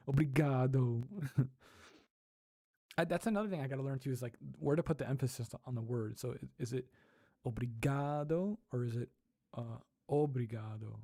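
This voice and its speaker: An ASMR livestreamer chatting casually with viewers, soft-spoken, curious and quick to giggle. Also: medium pitch, creaky, husky.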